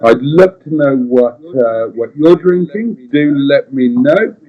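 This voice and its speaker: A man's voice: mid-range voice, slow pace, muffled recording. A man co-hosting a late-night live stream, jokey, chatty and theatrical. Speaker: co-host.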